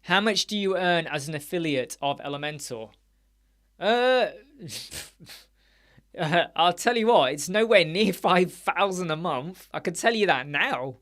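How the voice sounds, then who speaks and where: Male live-stream host, slightly higher voice, chatty and blunt, casual. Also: lively intonation, unhurried, fairly bright tone. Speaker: live-stream host answering chat questions. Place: home studio.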